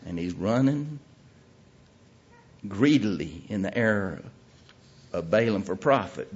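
A man's voice: lowish voice, slight background noise. Emphatic folksy male preacher, muffled. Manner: folksy, emphatic, rising to loud peaks. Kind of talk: sermon. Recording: muffled lo-fi recording.

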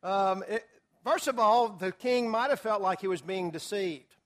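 A man's voice: sits high, normal speed, a bit bright. A man teaching a Bible study class to a group, talking casually with filler words and acting out quotes. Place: classroom or church hall with a group.

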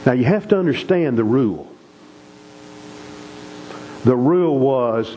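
A man's voice: mid-range voice, lively intonation, measured pace, long pauses, dark tone, a little hiss or hum, poor audio. A middle-aged man preaching, telling family stories in a folksy, earnest way. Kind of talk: sermon storytelling.

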